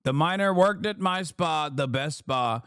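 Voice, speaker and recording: A man's voice: on the high side, expressive, unhurried, fairly bright tone, smooth, dry recording, clean studio sound. A man doing a mocking impression of a boastful older male politician who rambles and praises himself.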